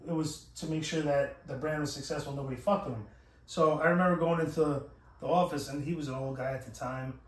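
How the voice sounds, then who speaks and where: A man's voice: a little high, fairly even intonation, fairly quick, roomy sound, far from the mic. A man telling a long story in casual, profane chat, with many restarts and acted-out quotes. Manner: profane, rambling, full of restarts and quoted voices. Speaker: podcast host.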